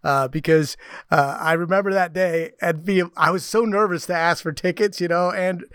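A man with a high-pitched voice tells an anecdote in casual podcast chat. He acts out other people's lines as he goes, and the sound is dry and close to the mic. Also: moderate pace, clear, resonant tone, dry recording. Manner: animated storyteller, acts out quotes.

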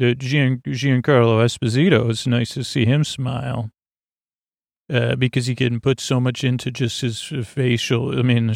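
A man with a gravelly, fry-tinged voice drifts through a sleep podcast recap. He talks in a flat, even line, full of fillers and restarts, and wanders off on tangents. He is close to a dry, dead-sounding mic. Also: no echo. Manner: rambling, full of fillers and self-corrections; low-key, drifting and digressive. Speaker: podcast host.

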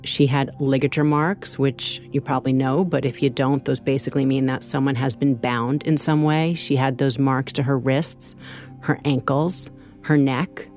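A woman co-hosting a true-crime show in scripted narration, measured and explanatory. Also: a bass voice, steady tone, darkish tone, faint music behind. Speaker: co-host.

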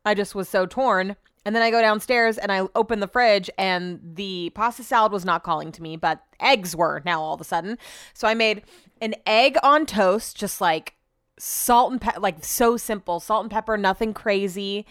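A woman's voice: mid-range voice, moderate pace, a bit bright, smooth, no room sound, clean studio sound. A woman in her thirties hosting a podcast alone, rambling casually with lots of fillers and swearing. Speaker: podcast host. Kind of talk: casual solo chat.

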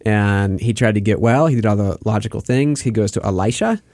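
Animated man retelling a scripture story. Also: fairly low pitch, fairly quick, no room sound, clean studio sound. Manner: animated when retelling scripture, reads verses aloud. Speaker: podcast co-host. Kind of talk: conversational faith discussion.

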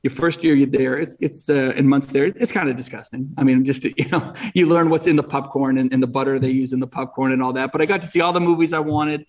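A man's voice: medium pitch, steady tone, fast, few pauses. Rambling middle-aged man, distant mic. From New England. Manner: rambling, frequent restarts and fillers. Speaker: guest. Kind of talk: casual interview chat.

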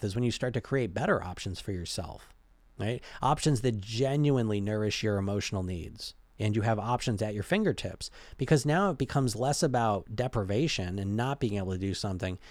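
In a dry room, a chatty weight-loss coach delivers a casual motivational talk, often restarting and repeating words mid-sentence while asking "right?" and "you know?". His voice is medium-pitched and a little mellow, and the recording is dry.

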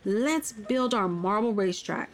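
A woman's voice: medium pitch, animated, unhurried, a little hiss or hum, close to an everyday voice. A woman voicing an upbeat, encouraging young boy who leads his friends in a storybook tale. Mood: cheerful. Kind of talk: storybook character voice.

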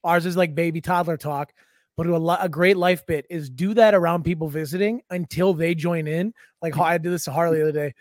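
Animated man, fairly high voice. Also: brisk, no room sound, clean studio sound. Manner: animated, swearing, lots of fillers and voiced bits. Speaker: podcast co-host. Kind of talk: casual chat.

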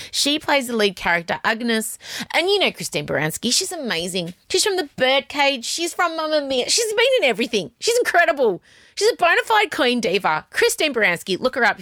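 A woman's voice: fairly high pitch, a bit bright, dry recording, clean studio sound. A woman in her forties with an Australian accent, hosting a podcast in a chatty, scattered way, talking from a small wardrobe at home. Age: 40s. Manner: scattered, rambling, quick tangents and laughter. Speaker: podcast host. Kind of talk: casual chatty podcast intro. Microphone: home mic on a video call.

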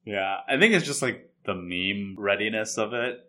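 A man's voice: fairly low pitch, moderate pace, sharp tone. A man co-hosting a podcast, chatting casually in a rambling way with lots of filler words. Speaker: podcast co-host. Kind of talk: casual chat.

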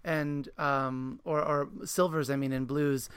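A man interviewing an author about a picture book in an enthusiastic, halting conversational way. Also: on the high side, flat delivery, clean tone, no echo. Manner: warm, enthusiastic, halting with restarts.

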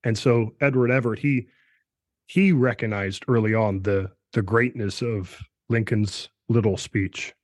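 Professor explaining, many "right"s. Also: male voice, on the low side, fairly even intonation, a little slow, no room sound, clean studio sound. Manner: peppers speech with "right" and restarts. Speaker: political science professor, guest. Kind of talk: explanatory discussion.

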